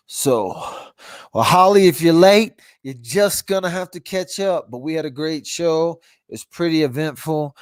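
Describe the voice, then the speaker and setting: A man's voice: a little high, normal speed, clean tone, dry recording. A man with a stuffy nose from a cold, hosting a casual live-stream chat, rambling, laughing often and restarting his sentences. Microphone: phone.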